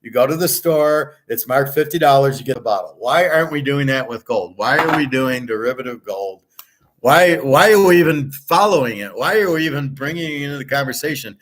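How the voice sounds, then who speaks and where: Brief: male show host, middle pitch, venting and swearing in a casual monologue. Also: a little fast, hardly any pauses. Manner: profane, fed-up, reads his own comments aloud. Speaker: sports betting and gold commentary host.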